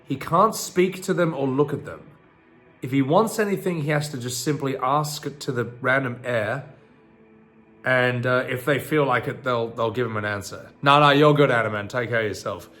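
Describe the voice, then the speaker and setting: A man's voice: mid-range voice, normal speed, a bit bright, faint music behind. A man reading fairy tales aloud on a live stream outdoors in a backyard at night, breaking off into profane, laughing asides. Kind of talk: casual storytelling on a live stream.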